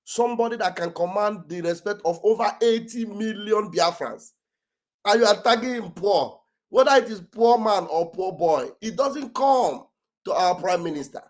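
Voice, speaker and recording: A man hosting a political discussion, scolding a critic and then asking a guest to respond. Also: high-pitched. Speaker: host.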